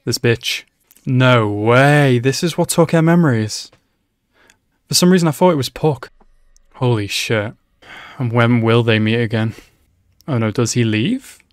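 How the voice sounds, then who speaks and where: A man reacting to an anime episode as he watches, talking to himself and his viewers, swearing and exclaiming loudly at tense moments. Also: mid-range voice, dry recording, studio quality. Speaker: anime reaction channel host. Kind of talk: live reaction commentary.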